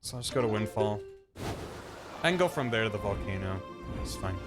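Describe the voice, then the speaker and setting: Over background music, a man streams a video game, his lowish voice animated and brisk. He rambles and jokes, riffing casually on what happens on screen.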